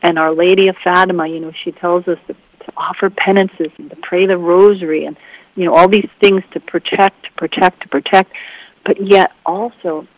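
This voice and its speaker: A woman being interviewed as an author, answering in a heartfelt, rambling way with many fillers and soft laughs. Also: on the low side, steady tone, moderate pace, dry recording, phone-quality sound. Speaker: guest author.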